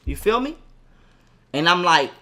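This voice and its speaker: A young man telling a heated story in a profane, animated way and acting out what people said. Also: high-pitched, a little slow. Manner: profane, animated, acts out quotes. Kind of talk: casual ranting story.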